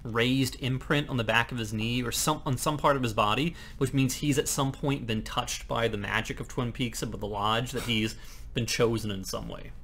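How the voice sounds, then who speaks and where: A man's voice: medium pitch, fairly even intonation, normal speed, a bit bright, slight background noise. A man co-hosting a casual TV review, explaining lore with dry, wry asides. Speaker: co-host reviewing a TV episode.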